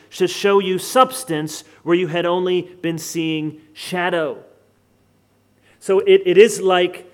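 An American man delivering a sermon in a fairly high voice for a man. He leans on key words by slowing right down, then picks the pace back up for wry, joking asides to the congregation. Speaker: pastor. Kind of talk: expository sermon.

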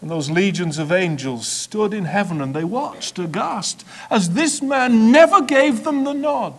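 Slow, high-voiced male preacher. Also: expressive. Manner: dramatic, with sharp swings between soft and loud; measured, repetitive rhetorical build-up. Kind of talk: sermon.

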